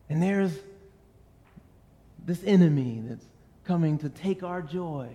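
A man's voice: sits high, animated, takes it slowly, pauses often, mellow. A man preaching a sermon with an earnest, storytelling delivery full of rhetorical questions. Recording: long hall reverb.

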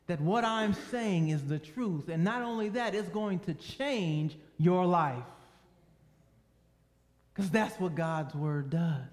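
A man's voice: high-pitched, lively intonation, measured pace, long reverb tail. A male pastor preaching a sermon, emphatic and drawing out key words for weight.

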